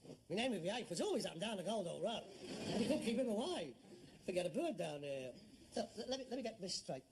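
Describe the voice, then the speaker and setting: A man's voice: high voice, big pitch swings, fast, darkish tone, slight background noise. A man playing a sarcastic, scornful grown son in a sitcom, with a mocking, exasperated way of talking. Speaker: actor in sitcom. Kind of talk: 1970s sitcom acting.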